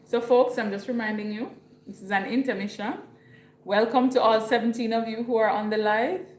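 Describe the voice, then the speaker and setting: A woman's voice: a little high, steady tone, moderate pace, darkish tone, roomy sound. A woman from Jamaica with a Jamaican accent, hosting a casual livestream at home and chatting with viewers while reading their comments aloud. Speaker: livestream host.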